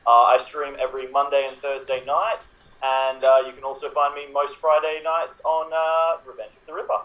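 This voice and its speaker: A man's voice: medium pitch, flat delivery, moderate pace, fairly bright tone. A man who streams and plays improv, talking casually and easygoingly, on a distant mic with faint hiss. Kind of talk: casual chat.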